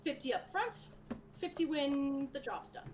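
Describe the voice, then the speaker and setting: A woman's voice: high-pitched, animated, unhurried, slight background noise, voice pushed up. A woman voicing a wry, businesslike woman blacksmith who speaks in a dry, terse way.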